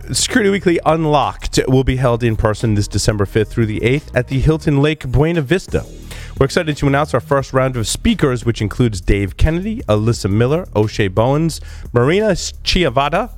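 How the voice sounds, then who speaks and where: A man hosts a tech podcast in a loose, energetic way, circling back and restarting his sentences. His voice is on the edge of giving out. A faint bed of music sits underneath. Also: medium pitch. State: losing his voice. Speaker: podcast host. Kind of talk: casual podcast talk and read ads.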